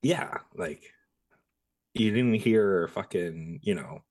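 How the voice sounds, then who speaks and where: A man's voice: sits low, takes it slowly, a little mellow. A man talking in a laid-back, profane, somewhat hesitant way in a casual film chat. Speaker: podcast co-host.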